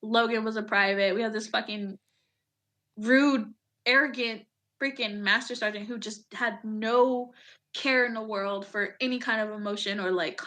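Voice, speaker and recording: A woman in her thirties, an Army veteran, telling a personal story in an emotional, animated way, with casual swearing and acted-out quotes. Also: a little high, normal speed. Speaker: podcast guest, Army veteran.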